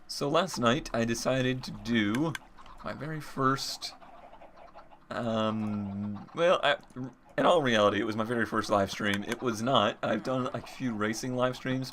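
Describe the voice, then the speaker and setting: A man's voice: lowish voice, a bit bright, slight background noise. A man giving casual gameplay commentary as he builds, thinking aloud and restarting his sentences. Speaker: Minecraft let's player.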